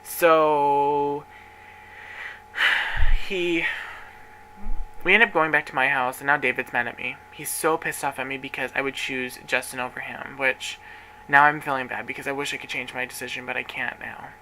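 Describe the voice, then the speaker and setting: A man's voice: mid-range voice, fairly even intonation, moderate pace, pauses often, pushed and bright, a little hiss or hum, low-quality recording. A man who manages a workplace, telling a personal story vlog-style. He rambles, gets emotional and acts out what everyone said. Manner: rambling, emotional retelling with acted-out quotes.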